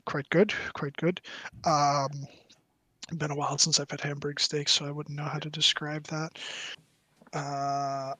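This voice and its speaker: A man running a tabletop roleplaying game, describing the scene in a loose, rambling way full of fillers and restarts. His voice sits a bit high for a man. The recording is dry and close, with no room sound. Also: flat delivery, unhurried, pushed and bright, dry recording. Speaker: game master.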